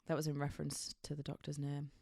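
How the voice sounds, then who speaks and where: A woman's voice: low voice, monotone, fast, vocal fry, mellow, dry recording, studio quality. A woman co-hosting a podcast in a casual, rambling chat, laughing often. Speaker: podcast co-host.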